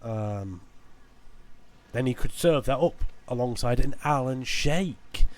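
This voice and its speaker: Yorkshire lad, game streamer, chatty pun commentary, lively swooping pitch, excitable. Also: male voice, slow. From England. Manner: rambling and pun-loving, with sudden excited yelps. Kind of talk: casual live gameplay commentary.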